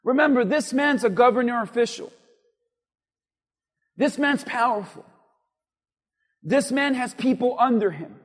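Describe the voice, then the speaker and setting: A man preaching a sermon to a church congregation, with an emphatic, repetitive cadence that swells toward near-shouts. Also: extremely high pitch, expressive, unhurried, long pauses. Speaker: pastor. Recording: long hall reverb.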